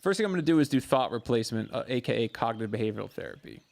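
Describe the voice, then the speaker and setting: A man hosting a live mental health Q&A as a therapist, answering viewers in a warm, coaching way and repeating phrases for emphasis. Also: mid-range voice, lively intonation, racing, creaky. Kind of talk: live-stream advice answering viewer questions.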